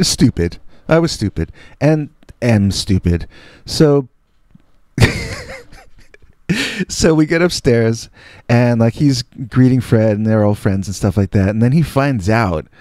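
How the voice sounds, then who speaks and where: A man's voice: mid-range voice, dark tone, no echo, clean studio sound. A middle-aged man telling a story from his youth in a casual, rambling way. He often mocks himself and restarts his sentences. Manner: rambling, self-mocking, many restarts. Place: indoors.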